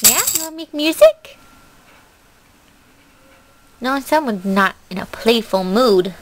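A high-voiced woman filming her baby at home, speaking in coaxing, sing-song baby talk. She talks slowly and unhurriedly, with a faint hiss of background noise under her voice. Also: animated.

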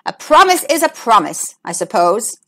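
A woman's voice: fairly high pitch, big pitch swings, normal speed, fairly bright tone, voice pushed down, full character voice. A woman voicing a fussy, exasperated old king in a storybook, speaking in a stern, scolding way.

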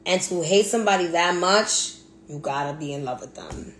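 A woman's voice: lowish voice, lively intonation, normal speed. A woman venting in a blunt, profane monologue, repeating herself for emphasis. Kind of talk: angry monologue rant. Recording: echoey room, faint background hum.

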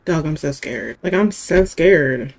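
A woman's voice: sits low, animated, a little slow. A woman giving let's-play commentary on a game, jittery and casual, using slang and keeps saying how scared she is. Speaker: gaming video creator.

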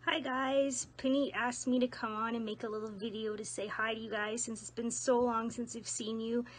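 Woman, former preschool teacher, gentle warm message to children, slightly high voice. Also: little pitch movement, moderate pace. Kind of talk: video message to young children.

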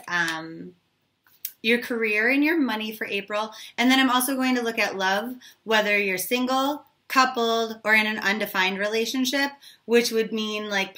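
A young woman with a hoarse, strained voice talks through a monthly tarot reading in a loose, chatty way, tossing in the odd swear word. Her tone is bright and forward despite the roughness. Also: mid-range voice. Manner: chatty, informal, swears casually. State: hoarse, has lost her voice. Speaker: tarot reader. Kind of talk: casual tarot reading to camera.

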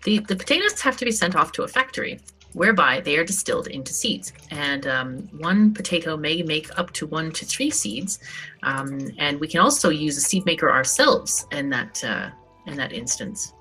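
A woman's voice: deep voice, animated, normal speed, pushed and bright, faint music behind. A woman co-playing a farming game, chatting casually, explaining things and laughing often. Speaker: co-op gaming guest. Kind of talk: casual let's-play chat.

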